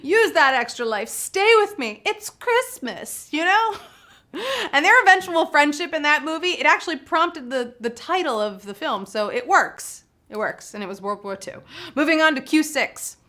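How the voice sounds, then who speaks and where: Bubbly high-voiced woman trivia host. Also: animated, moderate pace, sharp tone. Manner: bubbly and chatty, laughs often. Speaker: trivia game show host. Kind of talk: live trivia hosting.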